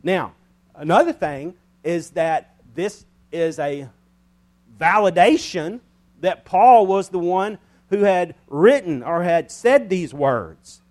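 Folksy preacher man, fairly high voice. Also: expressive, takes it slowly, a little mellow. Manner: folksy, conversational preaching with chuckles. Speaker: pastor. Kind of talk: sermon.

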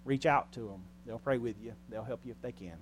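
A man preaching a sermon in a church, speaking earnestly, rising loud and then dropping soft and quiet. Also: mid-range voice, fairly quick, slight background noise.

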